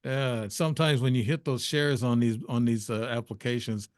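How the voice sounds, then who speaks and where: A man hosting a casual interview on a video call, asking quick follow-up questions. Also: medium pitch, fairly even intonation, no echo, studio quality. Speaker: host.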